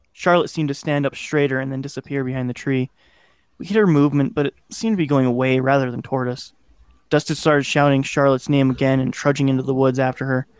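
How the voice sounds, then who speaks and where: A man's voice: mid-range voice, smooth, no room sound. Man telling a spooky story, dry sound. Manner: casual, swears now and then. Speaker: podcast host. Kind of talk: narrating a scary childhood story.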